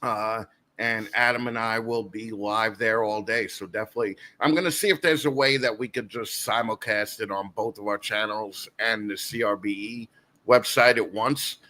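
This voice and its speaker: A man's voice: lowish voice, steady tone, moderate pace, pushed and bright. A man guest hosting a casual podcast, telling a rambling story full of restarts and laughter. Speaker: guest host.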